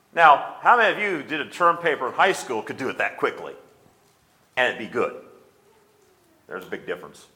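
A man's voice: mid-range voice, sharp tone. A middle-aged man preaching a sermon, telling anecdotes and reading scripture aloud with rising force.

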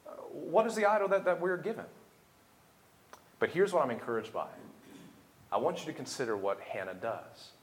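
A young man delivers a sermon in a somewhat high voice. He builds his points through emphatic repetition and rising intensity. The sound carries a noticeable room echo. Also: moderate pace, long pauses. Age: young adult. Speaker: pastor. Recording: echoey room.

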